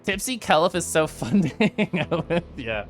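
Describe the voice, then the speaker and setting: A young man chatting casually with viewers on a live stream, giggly and animated. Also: on the high side, measured pace, soft background music.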